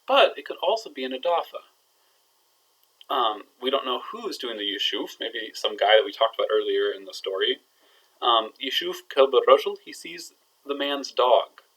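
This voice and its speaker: Man teaching an animated lesson. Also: medium pitch, normal speed, poor audio. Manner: playful, builds suspense with rising energy. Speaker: Arabic teacher. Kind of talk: recorded lesson.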